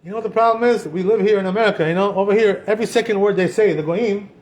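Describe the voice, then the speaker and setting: Chatty rabbi. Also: male voice, high-pitched, racing. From Israel. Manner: chatty, peppers speech with "you know" and "right?"; animated, acts out quoted voices. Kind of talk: informal Torah talk.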